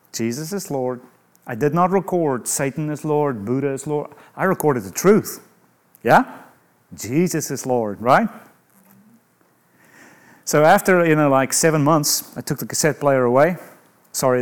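A man's voice: fairly high pitch, measured pace, pauses often. A man preaching a sermon in an emphatic way, asking rhetorical questions and adding humorous asides.

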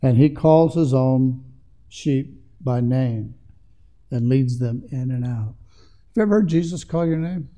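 A man's voice: mid-range voice, unhurried, long pauses, warm tone. A man preaching a sermon in an earnest way that builds to emphatic passages.

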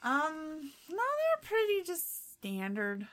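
Woman, podcast host, casual chat, giggly, high-ish voice. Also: slow, over a noisy crowd. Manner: giggly, animated storytelling.

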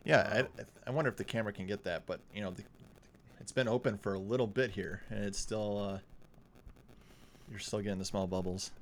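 A man with a Minnesotan accent co-hosting a casual chat, relaxed and thoughtful, with many fillers. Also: fairly low pitch, fairly quick. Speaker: co-host. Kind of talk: casual chat tasting sodas.

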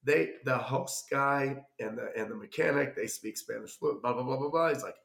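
Gravelly man telling a rambling story. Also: medium pitch, moderate pace, hardly any pauses. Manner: rambling, animated anecdote with acted-out quotes. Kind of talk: casual storytelling. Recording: roomy echo.

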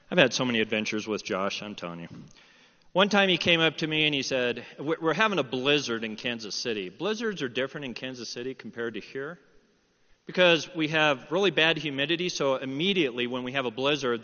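Middle-aged male pastor, animated storyteller, bright tone, long hall reverb on a muffled recording. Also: a little high, a little fast. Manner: animated storytelling, quoting dialogue. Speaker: preacher. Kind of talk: sermon with personal story. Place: church hall.

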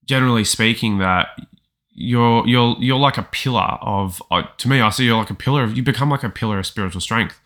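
A man co-hosting a casual podcast, speaking earnestly and supportively. He halts and restarts as he searches for words. His voice sits at a middle pitch for a man. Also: fairly quick, a bit bright. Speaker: podcast co-host. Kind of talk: casual chat.

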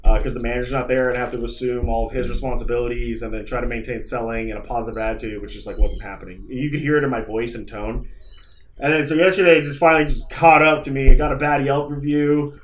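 A man's voice: mid-range voice, fairly even intonation, quick pace. A man on a podcast who vents about his week in a rambling, profane storytelling manner. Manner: frustrated venting. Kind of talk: casual chat.

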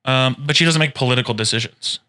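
A man's voice: medium pitch, fast, bright, forceful tone, clear, resonant tone. A man co-hosting a podcast, trading dry jokes in casual chat. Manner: dry joking banter. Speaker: podcast co-host.

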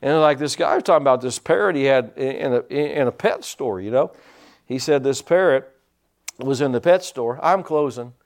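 A man preaching a sermon as pastor, folksy, telling stories and swinging his loudness up and down, from the United States. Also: medium pitch, animated, normal speed. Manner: folksy storytelling preacher, rising and dropping loudness.

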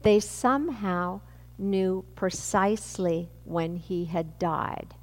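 A woman pastor giving a sermon with a measured, reflective delivery. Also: lowish voice, big-room sound.

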